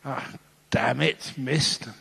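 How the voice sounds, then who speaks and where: A flustered old Pope, acted by a man telling a joke, muttering sheepishly and quick to grumble. His voice is soft and low-key, with a long reverb from a large hall behind it. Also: steady tone, gravelly, slightly rough, full character voice. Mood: frustrated.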